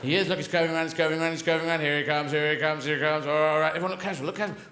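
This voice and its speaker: A man's voice: on the high side, steady tone, racing, very noisy, lightly acted. A man doing a scheming huddled dog. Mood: plotting. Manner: conspiratorial, hushed planning. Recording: echoey theatre with loud audience.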